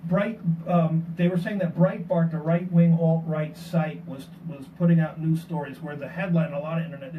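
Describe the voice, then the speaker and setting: A man's voice: on the high side, normal speed, few pauses, narrow, tinny audio. A man hosting a casual group discussion, telling stories and asking rhetorical questions. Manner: animated storytelling, rhetorical questions. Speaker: podcast host. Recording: noisy, distant room mic.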